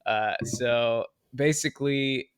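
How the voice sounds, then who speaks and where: A young man co-hosting a podcast in casual chat, animated and prone to loud mock voices. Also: medium pitch, takes it slowly, clear, resonant tone, dry recording, clean studio sound. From California. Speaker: podcast co-host.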